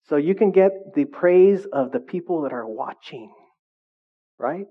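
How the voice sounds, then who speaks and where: A man preaching to his congregation in a casual, animated way, often asking the room questions. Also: a little high, a little slow, breathy edge, phone-quality sound. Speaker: pastor. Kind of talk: sermon.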